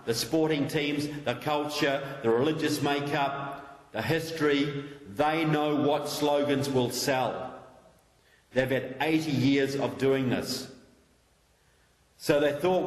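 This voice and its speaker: A man's voice: a little high, slow. A man from New Zealand with a New Zealand accent, giving an emphatic political lecture to a live audience in a large hall and putting direct questions to the crowd. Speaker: guest speaker. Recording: echoey hall recording with long reverb.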